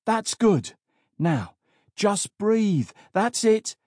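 Man voicing a frantic shouting police officer. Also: sits high, very animated, extremely slow, no room sound, clean studio sound, voice pushed up, exaggerated voice. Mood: coaxing. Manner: urgent shouting. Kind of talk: audiobook character voice.

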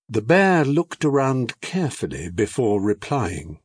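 A man narrating a children's storybook audiobook in an expressive storytelling manner. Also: mid-range voice, unhurried, breathy edge, no echo, studio quality.

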